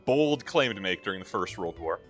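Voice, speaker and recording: Wry low-voiced game commentator. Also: male voice, expressive, fairly quick, a bit bright, faint music behind. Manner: wry, rambling, history asides. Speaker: let's-play host. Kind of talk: casual gameplay commentary.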